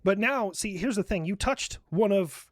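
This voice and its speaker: A man's voice: high voice, animated, moderate pace, no echo, studio quality. A man streaming a reaction video, joking crudely and swearing often. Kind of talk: casual reaction commentary.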